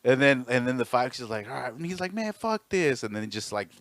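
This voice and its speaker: A man in his thirties co-hosting a podcast, telling a story in a casual, animated way and acting out the quotes with heavy swearing. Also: medium pitch, quick pace, a crowd in the background. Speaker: podcast co-host.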